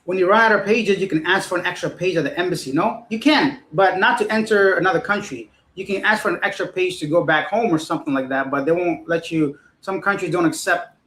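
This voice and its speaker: A man's voice: sits high, brisk, hardly any pauses. Young guy livestreaming, rambly and sweary, kinda echoey room. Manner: rambling, profane, animated retelling. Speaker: livestream host. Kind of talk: casual livestream storytelling.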